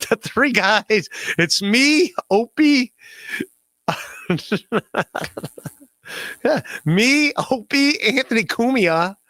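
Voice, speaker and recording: Laughing, stammering man with a bright voice. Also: very high-pitched, dry recording. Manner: rambling, self-deprecating, laughs often, stammers. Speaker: podcast host. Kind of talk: casual livestream chat, reading chat messages.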